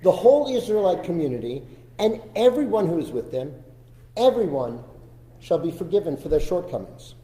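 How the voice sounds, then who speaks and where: Man giving a sermon, mellow dark voice, kinda high pitched, echoey sanctuary w long reverb. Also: very animated. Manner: reflective storytelling, slow deliberate emphasis. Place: synagogue sanctuary.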